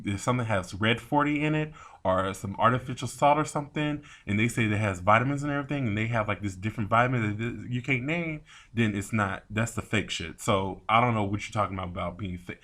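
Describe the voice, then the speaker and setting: A man telling a rambling story to camera, animated and often swearing, acting out both sides of the talk. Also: lowish voice. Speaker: vlogger. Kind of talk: casual storytime rant.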